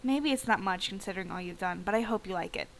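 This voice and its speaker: A woman voicing a kind young woman in a game, reading in a gentle, friendly way. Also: mid-range voice, fast, vocal fry, slight background noise, lightly acted, rough recording. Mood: pleased.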